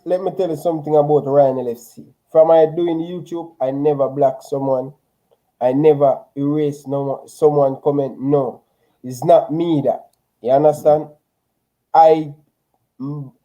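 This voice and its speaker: A laid-back man hosting a casual livestream, handing out shout-outs to his viewers. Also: fairly high pitch, rough recording. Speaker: channel host.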